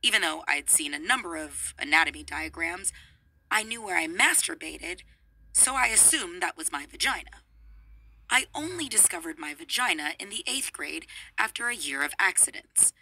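A woman reading a memoir aloud in an expressive way, adding amused asides. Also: on the low side, normal speed, rough recording. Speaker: reader.

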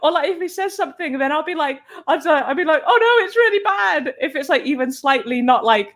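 A woman's voice: high voice, quick pace. A woman hosting a casual live-stream chat, talking freely, laughing often and acting out her own reactions in quoted asides. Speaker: host.

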